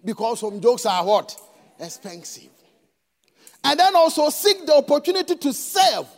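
Man, Ghanaian accent, pastor, sermon, high pitch, long church reverb. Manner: switches between English and Twi, preaching with call and response.

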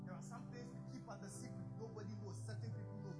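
A man preaching a fervent sermon in a church, chanting and shouting repeated prayer lines. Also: high voice, very fast. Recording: echoey church hall with music.

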